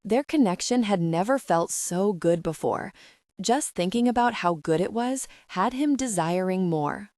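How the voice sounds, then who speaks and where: A woman reads a romance audiobook aloud in an expressive, steady manner. Her pitch moves with a lively range, and the recording sounds dry and close. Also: unhurried, no room sound. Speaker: audiobook narrator. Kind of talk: scripted romance narration.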